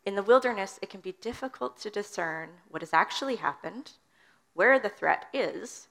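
Earnest woman preacher with a gravelly voice. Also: medium pitch, animated, moderate pace, fairly bright tone. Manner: earnest, teaching, reads scripture aloud. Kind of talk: sermon.

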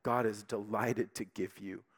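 A man preaching a sermon with emphatic, animated delivery, dropping to quiet, intimate tones between louder passages. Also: fairly low pitch, unhurried, gravelly. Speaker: pastor.

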